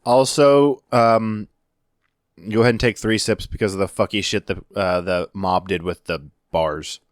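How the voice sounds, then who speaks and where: A man co-hosting a casual podcast, excitable and swearing freely as he calls drinking shots. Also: lowish voice, measured pace, smooth, no echo, clean studio sound. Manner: profane, excitable, cheering and calling shots. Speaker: podcast co-host.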